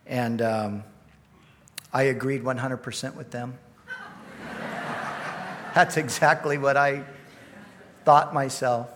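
A man's voice: mid-range voice, steady tone, takes it slowly, long pauses, fairly bright tone, a little hiss or hum. A male pastor telling a personal story in a sermon, in a conversational, self-deprecating manner that repeats phrases.

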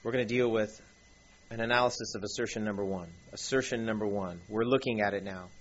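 A man preaching a lecture-style sermon with a husky voice, animated and full of asides. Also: fairly low pitch. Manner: animated, with asides and quick acted quotes. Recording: dull lo-fi recording.

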